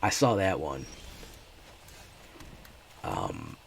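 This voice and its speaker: A man's voice: a bass voice, wildly swooping pitch, extremely slow, creaky, a little hiss or hum. A man streaming a card game, chatting in a laid-back, rambling way with his viewers. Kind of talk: casual gameplay chat.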